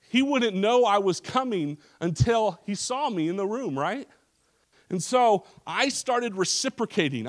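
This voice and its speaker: A male pastor preaching a sermon in a church service, emphatic, with frequent restarts and repeated phrases. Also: high voice.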